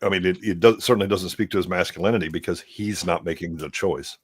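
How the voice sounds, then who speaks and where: A man's voice: sits low, quick pace, husky, dry recording. A man co-hosting a casual podcast, blunt, crude and sarcastic. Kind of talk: casual discussion.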